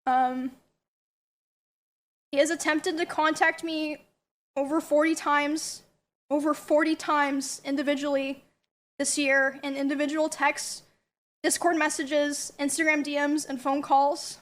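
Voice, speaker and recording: High, flat-voiced woman speaking haltingly. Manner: halting, measured, with many pauses and fillers. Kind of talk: recorded statement video.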